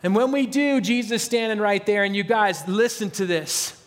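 A man's voice: high-pitched, normal speed, in a large hall. A middle-aged man, a pastor, preaching an earnest, conversational sermon full of repetition and restarts.

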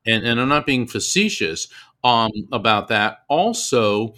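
Bright-voiced man telling stories. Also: mid-range voice, unhurried. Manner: animated storyteller, repeats words, laughs often. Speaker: medium, guest. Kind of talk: storytelling in an interview.

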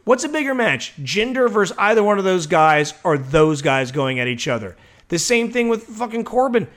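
A brash, profane man talks in casual podcast chat with a fairly high voice. He fires off his opinions in a rapid, swearing stream. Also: big pitch swings, fairly bright tone. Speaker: podcast co-host.

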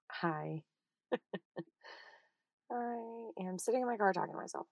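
A woman's voice: mid-range voice, slow pace, creaky, pauses often, dry recording, soft background music. A woman, chatting casually as a podcast host from her parked car, laughing at herself. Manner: chatty, self-deprecating, laughs easily. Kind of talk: casual chat. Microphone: handheld mic in a car.

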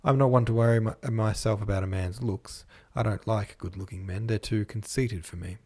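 A man's voice: fairly low pitch, steady tone, moderate pace, darkish tone, close to an everyday voice. A man voicing a weary, humble young working-class woman who speaks plainly and self-effacingly.

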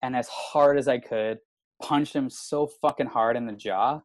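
A stand-up comedian rambles through a long story in casual chat, swearing freely and stuffing his talk with constant "like" fillers. His voice is medium-pitched and unhurried, recorded with no room sound.

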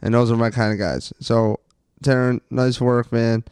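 A man co-hosting a casual sports podcast, ranting with plenty of profanity and excitement. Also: medium pitch, moderate pace, smooth, no room sound. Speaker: podcast co-host.

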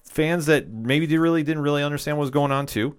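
A man's voice: on the high side, quick pace, clear, resonant tone. A man co-hosting a casual podcast chat, talking at length in an enthusiastic, opinionated way. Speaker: podcast co-host. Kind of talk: casual chat about wrestling.

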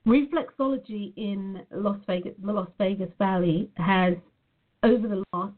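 A woman's voice: mid-range voice, moderate pace. A woman from Nevada speaking earnestly and reflectively to her viewers, often repeating her phrases. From Nevada, USA. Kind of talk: personal monologue to viewers. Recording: phone-like narrow sound.

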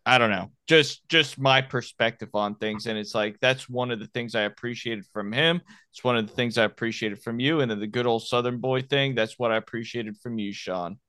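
A man's voice: medium pitch, brisk, hardly any pauses, sharp tone, smooth, dry recording. A former Marine from Miami hosts a casual podcast conversation. His voice is clean and resonant and the sound is dry and close, and he rambles, circling back over his own words. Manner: rambling, repeats words as he thinks.

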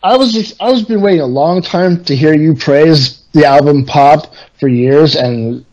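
A man's voice: fairly high pitch, unhurried, darkish tone, muffled recording. A man appearing as a guest on an album review podcast, speaking as a keen, thoughtful fan with small stammers. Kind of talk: casual album review chat.

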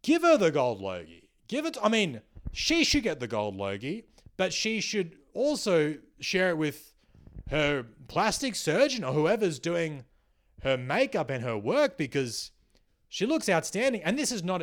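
A young man with an Australian accent riffs sarcastically in a comedic podcast monologue. His pitch swings widely and expressively from line to line, and it sits a little higher than most men's. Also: a little slow. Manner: sarcastic, animated, swears freely.

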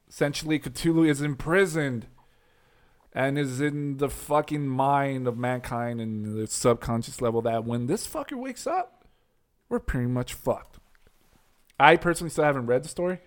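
A man in casual podcast banter, relaxed and jokey with plenty of swearing. His voice sits at an ordinary middle pitch for a man. He sounds easygoing as he summarizes stories for his friends. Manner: laid-back, profane, joking. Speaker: podcast co-host. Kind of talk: casual chat.

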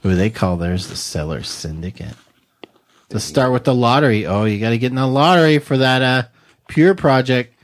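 Male podcast co-host, easygoing banter, quick to laugh, mid-pitched. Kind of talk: casual chat.

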